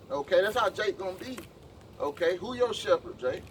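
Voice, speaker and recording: A man's voice: sits high, expressive, normal speed. A man preaching emphatically on a city street, tagging his lines with "man". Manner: emphatic, ends phrases with "man". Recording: distant mic with loud street noise.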